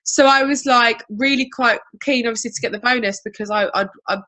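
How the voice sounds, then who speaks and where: A woman chats away on a video call, telling her story with quick, lively energy. Her voice sits a little high and sounds bright and clear. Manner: animated storytelling, quick and chatty. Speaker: guest. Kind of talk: casual video-call interview.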